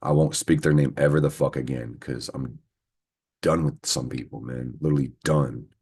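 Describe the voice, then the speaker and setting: A man's voice: very deep voice, steady tone, normal speed, a little mellow, breathy edge. A man giving a casual, profanity-laced astrology reading, rambling and venting heatedly as he talks to his viewers. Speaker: astrology reader. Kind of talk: casual horoscope reading to camera.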